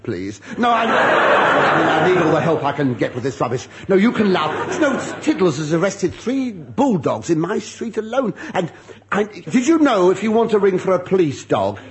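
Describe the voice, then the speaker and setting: A man's voice: high-pitched, very animated, moderate pace, background noise. A man telling a rambling, self-mocking comic monologue with muttered asides. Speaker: comedian.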